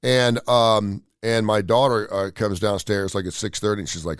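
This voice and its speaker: Middle-aged man, low-voiced morning radio host, rambling chatty delivery in a dry home studio. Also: brisk, few pauses, no room sound. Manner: rambling, energetic, many fillers and restarts.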